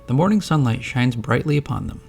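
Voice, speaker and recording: A man narrating a storybook in a measured, descriptive way. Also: mid-range voice, expressive, gravelly. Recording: soft background music.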